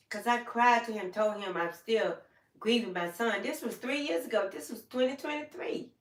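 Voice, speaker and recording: A woman's voice: on the high side, far from the mic. An older woman hosting a livestream, telling her personal story in a heartfelt, plain-spoken, repetitive way. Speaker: livestream host. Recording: echoey room, voice away from the mic.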